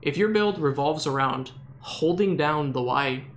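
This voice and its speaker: Young Southern man, rambling jokey gameplay commentary, slightly high voice. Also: expressive, measured pace. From Southern United States. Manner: joking, exasperated, rambling.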